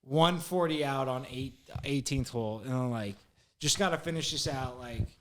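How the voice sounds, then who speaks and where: Swearing, animated young man telling stories. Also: mid-range voice, moderate pace. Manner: animated, profane storytelling full of "like". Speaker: podcast co-host. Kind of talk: casual chat.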